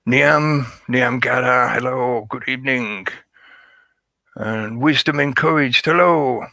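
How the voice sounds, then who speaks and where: Speaking slowly in a gravelly, mid-range voice that's pushed and bright, a livestream host rambles through a conspiratorial monologue and greets his chat. He chuckles at his own jokes, and there's no echo.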